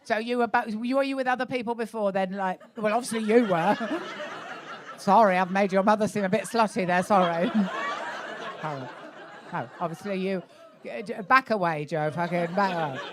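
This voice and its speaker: A woman's voice: medium pitch, normal speed, background noise. A middle-aged woman doing live stand-up in a comedy club, blunt and sweary, teasing audience members about their relationships. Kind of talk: live stand-up crowd work.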